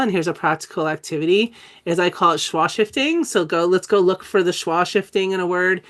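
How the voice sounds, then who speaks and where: A woman's voice: lowish voice, a bit bright. A middle-aged woman, a dyslexia educator, giving a live teaching webinar in a chatty way, correcting herself often and laughing at her own slips.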